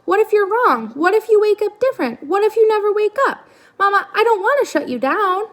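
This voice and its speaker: A woman voicing a small, anxious young male gosling who talks in a high, worried, sniffly way. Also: very animated, normal speed, vocal fry, full character voice. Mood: eager, worried.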